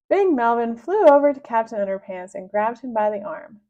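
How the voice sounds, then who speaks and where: Expressive woman reading a kids' book. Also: a little fast, hardly any pauses. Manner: expressive, lively storybook narration. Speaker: reader. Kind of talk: reading a children's book aloud. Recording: dull low-fidelity sound.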